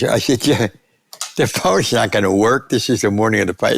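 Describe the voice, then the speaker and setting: Gravelly older man spinning boxing stories. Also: mid-range voice, brisk, no echo, clean studio sound. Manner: animated anecdotes, acting out quotes. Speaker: sportswriter guest. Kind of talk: storytelling interview.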